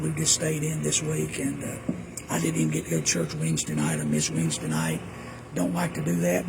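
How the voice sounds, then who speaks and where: Gravelly folksy preacher. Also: male voice, on the high side, noisy background. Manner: rambling folksy storytelling. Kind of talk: casual reminiscing monologue. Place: indoors at home.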